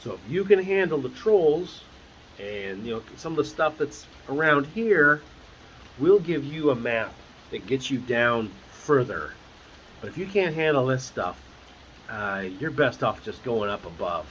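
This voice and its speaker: A man voicing a wary, blunt deep gnome priestess in a tabletop game, speaking in a matter-of-fact, warning way. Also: sing-song, unhurried, a bit bright, slight background noise, rough recording.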